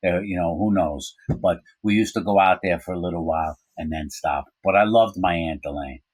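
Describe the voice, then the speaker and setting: A man's voice: low-pitched, a little fast, darkish tone, husky, dry recording, rough recording. A man telling a personal story in a casual, rambling way, full of asides and fillers.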